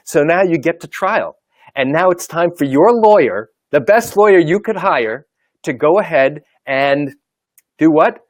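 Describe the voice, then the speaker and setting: Brief: male lawyer, slightly high voice, emphatic live talk, dry close sound. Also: no echo. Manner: emphatic, repetitive, rhetorical questions. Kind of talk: live video talk to camera.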